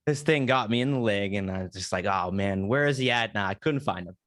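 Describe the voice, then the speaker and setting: A man's voice: lowish voice, brisk, fairly bright tone. A young man hosting a podcast, telling a story in casual chat and acting out his own panicked reactions. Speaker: podcast host.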